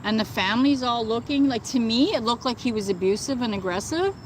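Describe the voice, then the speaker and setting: A woman with a fairly high voice chats indignantly on a casual livestream, answering her viewers as she goes. Her speech is loose and full of "like" and "you know". Faint outdoor noise stays in the background. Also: animated, brisk, poor audio. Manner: chatty and indignant, with many fillers like "like" and "you know". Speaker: livestream host. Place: outdoors, within earshot of birds and thunder.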